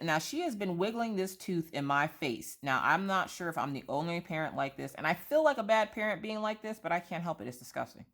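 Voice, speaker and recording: A woman in her thirties chatting casually about her kids while she colors, telling lively stories and acting out quotes. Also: fairly low pitch, a little fast, hardly any pauses. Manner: chatty, animated storytelling with voiced quotes. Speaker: vlogger and mother.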